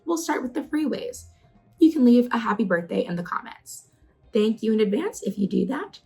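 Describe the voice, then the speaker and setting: A woman in her twenties talking casually to the camera in a personal vlog, chatty and earnest, her questions rising with excitement. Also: medium pitch, vocal fry, low-quality recording. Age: 20s. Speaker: vlogger.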